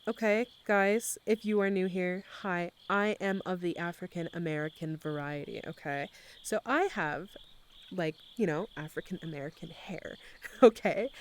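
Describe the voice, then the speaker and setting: Animated young woman streamer. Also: medium pitch, clean tone. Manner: animated, swearing storyteller full of filler words. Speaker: live streamer. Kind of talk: casual chat.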